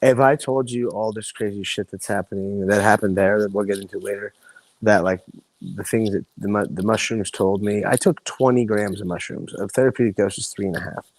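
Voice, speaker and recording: A man in his thirties, a podcast guest, telling rambling stories in casual chat with many restarts and lively quoted voices. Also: on the low side, a little fast, no echo, rough recording. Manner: rambling, animated voices when quoting friends, frequent restarts.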